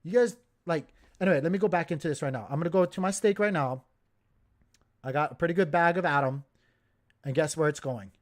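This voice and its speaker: A man's voice: a little high, fairly quick. A man hosting a crypto livestream, talking in a heated, emphatic way and repeating himself as he gets worked up.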